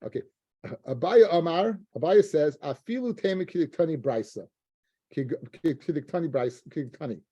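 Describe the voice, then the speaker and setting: A man's voice: on the high side, expressive, a little fast, dark tone, breathy edge, no echo, dull audio. A man teaching a Talmud class, reading Aramaic phrases aloud, translating them, and often repeating himself as he works through a passage.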